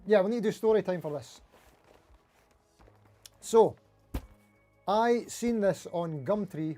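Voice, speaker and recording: A middle-aged man with a Dundee Scottish accent, hosting a casual guitar livestream and chatting quickly with viewers. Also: sits high, a little mellow. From Scotland. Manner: fast-talking, chatty, reading out viewer comments. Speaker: livestream host.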